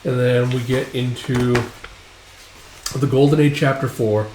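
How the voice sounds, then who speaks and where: A man's voice: medium pitch, little pitch movement, unhurried, a little mellow, a little hiss or hum. A man casually recapping a comic book page by page, with loose filler-heavy retelling. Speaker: comics reader and commentator. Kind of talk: casual read-through recap. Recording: roomy echo.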